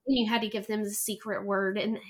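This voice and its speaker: A woman chatting as a guest, an animated storyteller who acts out quotes. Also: medium pitch, a little fast. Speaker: podcast guest, travel planner. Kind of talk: casual chat.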